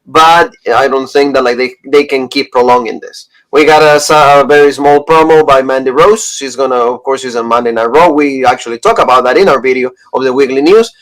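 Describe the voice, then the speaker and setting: A man's voice: medium pitch, brisk, few pauses, fairly bright tone, poor audio. A man co-hosting a wrestling review in casual chat, rambling with lots of fillers and laughing at his own impressions.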